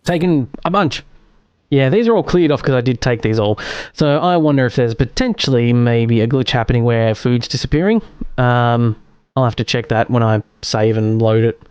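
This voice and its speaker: A man talks his way through a live game session in a loose, muttering commentary, as if chatting to himself. His voice sits at an ordinary middle pitch. The sound is close and dry, with no room around it. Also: normal speed, few pauses, darkish tone, smooth, dry recording, dull audio. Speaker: gaming streamer. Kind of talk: casual live gameplay commentary.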